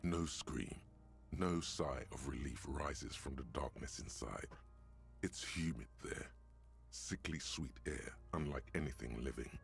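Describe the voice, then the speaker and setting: A deep, gravelly game narrator. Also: male voice, a little slow, slight background noise, exaggerated voice. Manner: grave, vivid descriptive delivery. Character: grim, grisly adult male narrator. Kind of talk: scripted narration.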